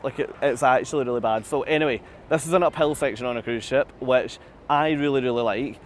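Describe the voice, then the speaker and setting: Vlogging live from a cruise ship deck, a man with a mid-range voice talks briskly while answering viewer comments. He's chatty and self-deprecating, laughs often, and sounds slightly out of breath. The phone camera is held at arm's length, with slight background noise.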